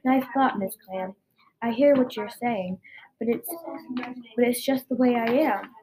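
A woman's voice: fairly high pitch, measured pace, dark tone, close to an everyday voice, rough recording. A woman reading a children's picture book aloud, voicing a gloomy, pouting male fish in a resigned, mopey way. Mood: glum. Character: glum, gloomy male fish with a permanent pout. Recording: chattering crowd behind.

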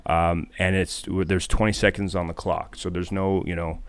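Deep-voiced host, laughing and rambling. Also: male voice, flat delivery, moderate pace, smooth, no echo. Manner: laughing, rambling storyteller with many fillers. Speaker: podcast host. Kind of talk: casual sports podcast chat.

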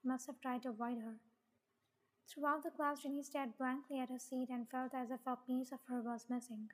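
A woman's voice: high voice, fairly even intonation, a little fast. A woman reading a fan fiction story aloud, voicing the dialogue with emotion. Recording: long hall reverb.

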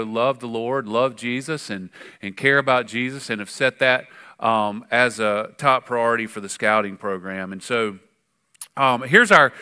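Animated pastor preaching. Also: male voice, mid-range voice, smooth. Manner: conversational and animated, with frequent fillers and sudden emphatic rises. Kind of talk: sermon.

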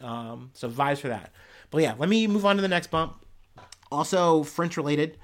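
A man's voice: on the high side, normal speed. Blunt, profane male news podcaster. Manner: profane, blunt, animated asides. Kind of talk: reading news articles with casual commentary.

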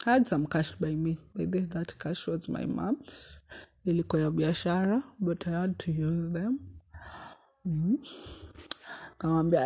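A young woman with a Kenyan accent tells a personal heartbreak story, swinging between loud exclamations and hushed asides and slipping in Swahili. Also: lowish voice, lively intonation, a little slow, long pauses, slightly rough. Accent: Kenyan English. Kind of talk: emotional storytime vlog.

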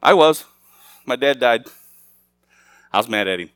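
A man's voice: mid-range voice, moderate pace, fairly bright tone, clean tone, no echo. Dry-miked preaching man, conversational. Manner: conversational preaching that swells to emphatic, raised passages. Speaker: pastor. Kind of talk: sermon.

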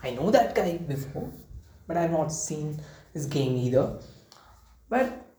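In this off-the-cuff, emotional vlog, a young adult football fan rambles and repeats words while on the verge of tears. The medium-pitched, mellow voice is very animated yet moves at a slow pace. The audio carries a roomy echo and a little ambient noise.

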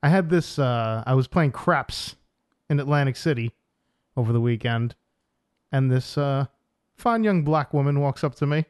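A man from New York co-hosting a casual podcast chat, blunt and deadpan as he tells joking stories. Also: mid-range voice, moderate pace, long pauses, clean tone. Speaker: podcast co-host.

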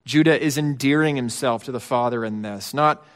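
A man's voice: medium pitch, normal speed, in a large hall. A middle-aged man preaching a sermon, talking in a conversational way with wry asides to the congregation. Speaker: pastor.

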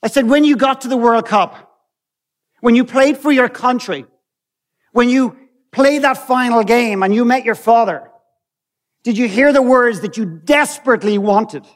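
High-voiced Irish man telling a story. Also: normal speed, pauses often. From Ireland. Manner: storytelling, acting out dialogue. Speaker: speaker on stage. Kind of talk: storytelling talk. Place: stage.

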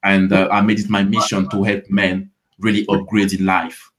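Guest, a thirties fitness coach from Ivory Coast, French accent, low and friendly, stumbles over his starts. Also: flat delivery, moderate pace. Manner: friendly, repeats words while starting sentences. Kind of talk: interview answers.

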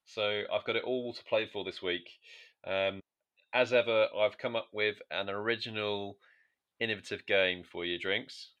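A man's voice: lowish voice, fairly even intonation, normal speed, bright, forceful tone, clean tone. A man co-hosting a comedy podcast, chatting casually with stumbles and restarts. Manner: hesitant, stumbling restarts, dry. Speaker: podcast co-host.

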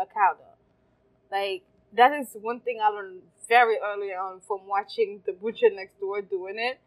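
A woman from Haiti, a restaurant owner telling animated stories in a casual interview and laughing often. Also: medium pitch, low-quality recording. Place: farmers market.

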